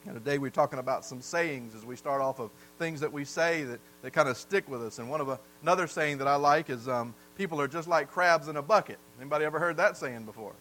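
A man's voice: fairly high pitch, fast, few pauses, bright, forceful tone, a little hiss or hum, poor audio. A man from the South, preaching a sermon in a folksy storytelling way and putting questions to the congregation. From American South. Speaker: pastor.

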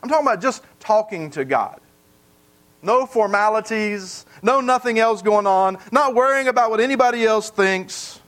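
High-voiced folksy preacher man. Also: lively intonation, moderate pace, a bit bright, poor audio. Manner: earnest, repeats key points for emphasis; folksy, plain-spoken. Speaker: pastor. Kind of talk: conversational sermon.

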